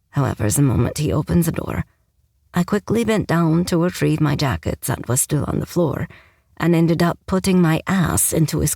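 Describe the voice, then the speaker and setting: A woman's voice: low-pitched, creaky, a little mellow, breathy edge, no echo. A woman narrating a first-person romance audiobook with a wry, sarcastic tone, on a close mic.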